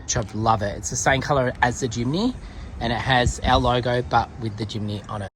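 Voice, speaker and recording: A chatty Australian man narrating a casual travel vlog outdoors in a country town, excitable and laughing often. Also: medium pitch, a little fast. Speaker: vlogger. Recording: noisy outdoor handheld recording.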